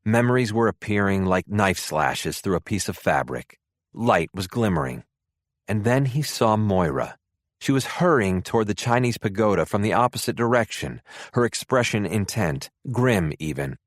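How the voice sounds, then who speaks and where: A man reading a thriller audiobook in steady, expressive narration. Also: fairly low pitch, moderate pace, no room sound, clean studio sound.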